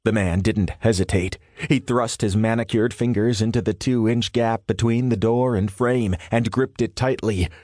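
A man narrating a thriller audiobook in a measured, suspenseful storytelling manner. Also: lowish voice, fairly even intonation, darkish tone, no echo, clean studio sound.

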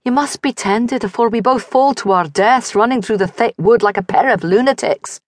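A woman's voice: on the high side, moderate pace, dry recording, studio quality, pitched above the performer's own voice, lightly acted. A woman doing a panicked young village healer. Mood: pleading. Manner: shouting, panicked.

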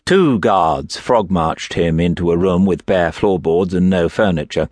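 A man narrating an audiobook in a measured, steady storytelling manner. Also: low voice, dry recording. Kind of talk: scripted narration. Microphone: close studio mic.

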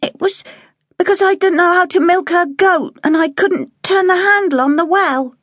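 A woman's voice: extremely high pitch, moderate pace, dry recording, voice pushed up. A woman voicing a shy, tearful little evacuee girl who speaks in a small, hesitant voice. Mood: timid.

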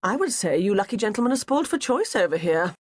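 A man voicing a courteous, flattering English gentleman gambler. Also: high voice, quick pace, dry recording, studio quality, pitched above the performer's own voice. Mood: polite.

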